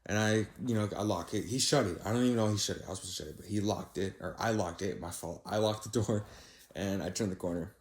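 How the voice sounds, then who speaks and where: A young man casually narrating a storytime anecdote, voice jumping higher when he quotes his own disbelief. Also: fast talker. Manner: animated, rises sharply when quoting himself in disbelief. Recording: echoey room.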